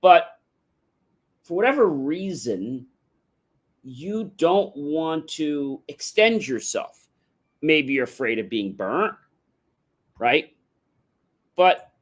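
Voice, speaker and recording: A man's voice: a little high, big pitch swings, slow pace, long pauses. A man giving a motivational livestream talk, addressing the audience directly and emphatically, sometimes chanting catchphrases. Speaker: motivational speaker.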